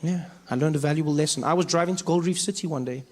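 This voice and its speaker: A man from South Africa with a South African accent, telling stand-up stories in an animated way and repeating lines for emphasis. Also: fairly high pitch, rapid-fire. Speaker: stand-up comedian. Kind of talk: stand-up comedy. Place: comedy club stage.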